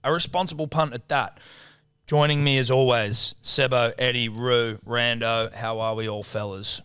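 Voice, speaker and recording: A man's voice: mid-range voice, fairly even intonation, normal speed, fairly bright tone, clear, resonant tone. A man with an Australian accent hosting a casual betting podcast, teasing and often laughing as he tells stories. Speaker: podcast host. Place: studio.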